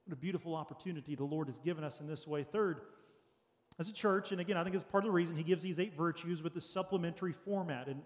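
A man's voice: high voice, in a large hall. A man preaching a sermon as pastor, earnest and practical, with light jokes for the congregation. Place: church sanctuary.

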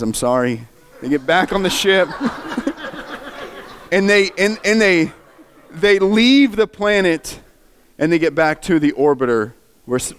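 A man's voice: mid-range voice, clear, resonant tone. A man preaching, earnestly and emotionally retelling a story with feeling. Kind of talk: sermon storytelling.

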